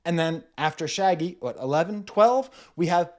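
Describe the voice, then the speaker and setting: Animated man breaking down a rapper's voices. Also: fairly high pitch, moderate pace. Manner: playful, demonstrates vocal styles, laughs often. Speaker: music reviewer. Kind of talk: casual music analysis.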